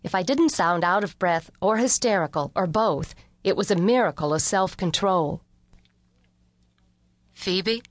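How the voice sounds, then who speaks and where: A woman narrating an unabridged mystery audiobook in the first person, with a measured, wry storytelling delivery. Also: lowish voice, animated, no echo.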